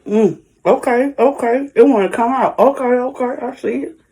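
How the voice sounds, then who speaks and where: A woman's voice: on the high side, moderate pace, dark tone. A woman talking casually to her viewers in an eating vlog, chatty and folksy, chewing while she talks. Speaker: food vlogger.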